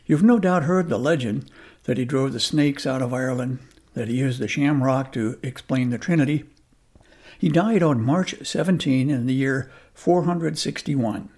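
Folksy man with a mellow voice. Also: medium pitch, normal speed. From United States. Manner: folksy, wry and conversational. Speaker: radio commentary host. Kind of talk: scripted radio commentary.

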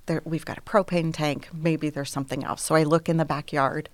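A middle-aged woman telling her personal story as an interview guest, softly, often dropping to a near whisper. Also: low voice, steady tone, fairly quick.

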